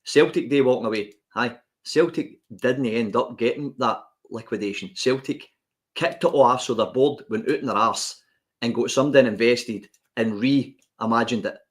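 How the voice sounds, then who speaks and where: A man's voice: medium pitch, normal speed. A man with a Scottish accent, co-hosting a podcast and ranting with passion in casual chat. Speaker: podcast co-host.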